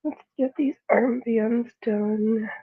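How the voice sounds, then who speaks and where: High-ish woman rambling away while she sews, tinny phone-ish sound. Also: fairly even intonation, slow pace, breathy edge. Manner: chatty, rambling, with yawns and laughs; breaks into playful sports-style commentary. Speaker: sewing vlogger. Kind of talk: casual chat while sewing.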